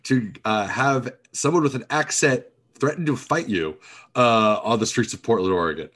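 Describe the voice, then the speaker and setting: A man's voice: mid-range voice, moderate pace, fairly bright tone, husky. A man co-hosting a casual podcast, teasing his friend and rambling with fillers. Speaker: podcast co-host. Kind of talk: casual chat.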